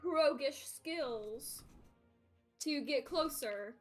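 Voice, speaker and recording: A woman playing a tabletop game, eager to try ideas and quick to drop them. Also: high voice, over loud music. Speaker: player.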